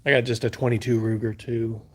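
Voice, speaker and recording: A man's voice: medium pitch, flat delivery, brisk. A man hosting a live stream, casually telling stories to chat, rambling and laughing as he goes. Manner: rambling, laughing, acts out his own panic loudly. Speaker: livestream host.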